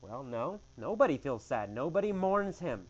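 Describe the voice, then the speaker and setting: A man's voice: medium pitch, sing-song, normal speed, highs cut off. A man teaching English with a question-and-answer story, speaking in an emphatic, exaggerated way.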